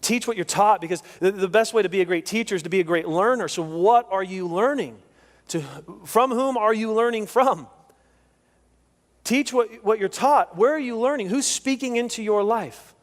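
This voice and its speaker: High-voiced pastor preaching in a reverberant church. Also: male voice, moderate pace. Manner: emphatic, repeats key phrases. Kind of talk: sermon. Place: church sanctuary.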